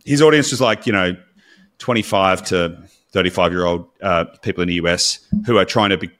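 A man's voice: low-pitched, a little fast, a bit bright. A man co-hosting a podcast in casual chat, candid and blunt, with casual swearing. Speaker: podcast co-host.

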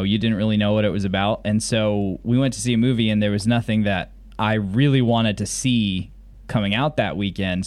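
Low-voiced man podcast co-host. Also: darkish tone. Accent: lost Southern US accent, mostly general American. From Mississippi, US South. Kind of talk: casual chat recapping a TV episode.

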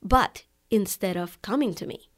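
Her voice is medium in pitch and runs at a normal speed. She hosts a podcast for online coaches and, talking casually to listeners, recounts a personal story sprinkled with "right?" and "you know."

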